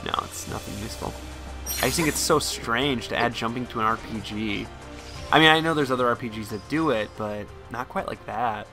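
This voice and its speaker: A young man giving casual, excitable let's-play commentary, often incredulous and swearing. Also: mid-range voice, a little fast, over music. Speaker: gameplay commentator.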